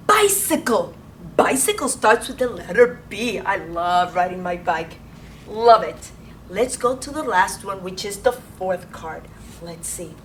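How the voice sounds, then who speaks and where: Preschool teacher, woman, sing-song and bouncy, unhurried, recorded from a distance. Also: medium pitch, a little hiss or hum. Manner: animated, sing-song, gasping with excitement. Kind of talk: children's lesson. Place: classroom.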